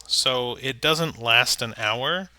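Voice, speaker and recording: Game master, man, slow and bright-voiced, pausing with ums. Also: mid-range voice, no room sound. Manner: unhurried, with ums. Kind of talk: running a tabletop game.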